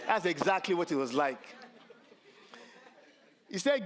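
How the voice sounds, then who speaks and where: A middle-aged man, a pastor preaching a sermon with animated, self-mocking humor and a habit of saying "you see". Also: high voice, fairly quick, long pauses. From Nigeria.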